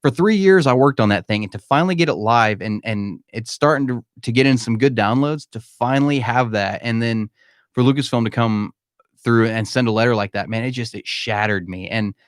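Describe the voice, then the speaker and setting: A man's voice: medium pitch, fairly quick, no room sound, clean studio sound. A man hosting a live-stream Q&A from his home, talking candidly and emphatically and calling listeners "man". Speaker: podcast host. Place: home room.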